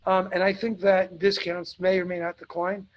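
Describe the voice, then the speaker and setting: A man's voice: sits high, flat delivery, normal speed, dull audio. A man hosting a live webinar, answering audience questions in a blunt, emphatic way and repeating points for stress.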